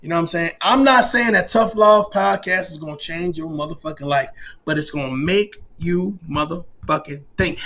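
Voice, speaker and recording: Profane, animated man ranting. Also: on the high side, moderate pace. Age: 40s. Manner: emphatic, profane, animated rant. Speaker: podcast host. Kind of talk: casual monologue.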